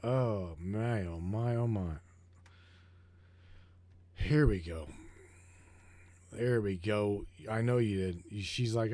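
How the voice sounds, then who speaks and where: A man's voice: fairly low pitch, slow pace, long pauses, mellow, no room sound. A man hosting a livestream, talking casually, stammering and rambling as he gets heated and profane. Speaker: livestream host.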